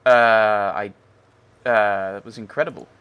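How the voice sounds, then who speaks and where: A man's voice: lowish voice, steady tone, a little slow, fairly bright tone. A man playing a video game and chatting to himself in loose, musing commentary. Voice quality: gravelly. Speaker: game player. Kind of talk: casual gameplay commentary.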